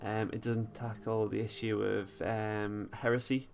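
A man co-hosting a podcast, making thoughtful, measured points in a casual discussion. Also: lowish voice, little pitch movement, gravelly. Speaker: podcast co-host.

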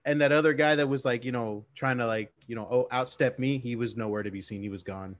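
A man's voice: mid-range voice, quick pace. A man co-hosting a podcast, telling a boastful story in a joking, casual way. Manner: boastful, joking, drops into mimicked voices. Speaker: podcast co-host. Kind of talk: casual storytelling among friends.

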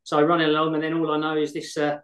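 A man's voice: on the high side, monotone, quick pace, fairly bright tone. English man, echoey room. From England. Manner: chatty, repeats words as he goes. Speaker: podcast co-host. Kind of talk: casual podcast chat.

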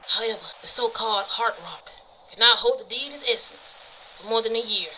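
A solemn older country grandpa, as a woman puts him on, speaking in a Southern US drawl for a horror game tape. He is earnest and measured, and the voice stays bright for a man. Faint ambience hums underneath. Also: on the high side, a little hiss or hum, rough recording. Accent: Southern US country, put on.

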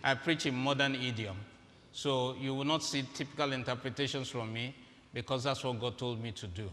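A man's voice: medium pitch, fairly even intonation, brisk, a bit bright. A man giving a humorous, interactive sermon, directing volunteers on stage in a large auditorium. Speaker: guest preacher. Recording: echoey hall with faint ambience.

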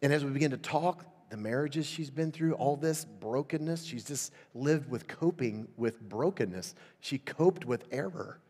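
A middle-aged man preaching at a revival, telling stories and building to loud, fervent exhortation. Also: medium pitch, expressive, normal speed, hardly any pauses. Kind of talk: sermon. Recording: long hall reverb.

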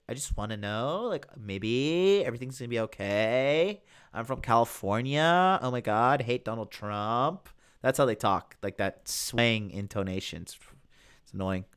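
In casual live-stream commentary, a young male host reacts to a video and mockingly reads the chat aloud with crude humor, laughing frequently. His voice is medium in pitch, smooth, and a bit bright.

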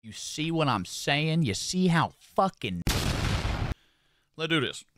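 A man's voice: fairly high pitch, big pitch swings, slow, fairly bright tone. A young man chatting casually on a livestream while doing his makeup, talking in a profane, slangy, rambling way and repeating his phrases. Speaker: streamer.

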